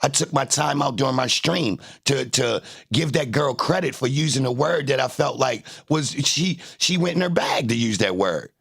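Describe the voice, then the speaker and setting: A man's voice: medium pitch, animated, moderate pace, gravelly, few pauses, breathy edge. A man livestreaming, arguing with his chat in a confrontational, taunting way and repeating his jabs. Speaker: livestreamer reacting to trial footage. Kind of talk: casual live-stream commentary, arguing with chat.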